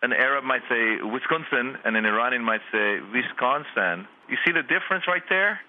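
A male comedian chatting on the radio, halting and self-mocking, full of restarts. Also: medium pitch, lively intonation, no echo. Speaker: comedian and panelist. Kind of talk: casual radio interview chat. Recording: dry, phone-like line.

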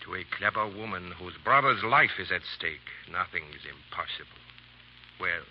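An actor playing a cold, scheming French ambassador with a measured, dry politeness, in a 1930s radio drama. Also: male voice, sits low, animated, a little hiss or hum. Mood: plotting. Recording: dull old radio broadcast.

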